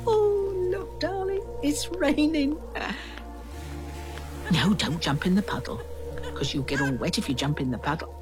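An actor playing a working-class woman recalling her past in soft, intimate, whispered narration. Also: medium pitch, a little slow, long pauses, lightly acted. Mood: playful. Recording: music underneath.

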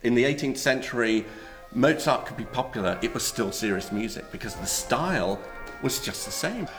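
A man's voice: medium pitch, animated, moderate pace. A man explaining music history as an interview guest, with patient, lecturing explanations.

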